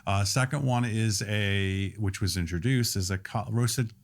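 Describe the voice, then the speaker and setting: A man in his sixties, a restaurant owner and guest on a podcast interview, explaining things at length in a steady, detailed way. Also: on the low side, unhurried.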